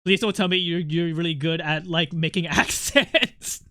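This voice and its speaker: An art streamer draws while chatting with viewers, rambling, joking, swearing heavily and laughing often in casual live-stream fashion. The voice is mid-range, pushed and bright, at a moderate pace, recorded with studio quality and no room sound.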